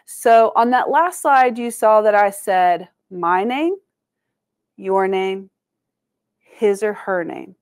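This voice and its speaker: A woman, an educator giving a language lesson to schoolchildren, encouraging them and slowly sounding out words for them to repeat. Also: fairly high pitch, darkish tone. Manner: encouraging, call-and-response, slows to sound out syllables. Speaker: Cherokee language and culture educator. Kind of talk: teaching a children's language lesson. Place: museum presentation room.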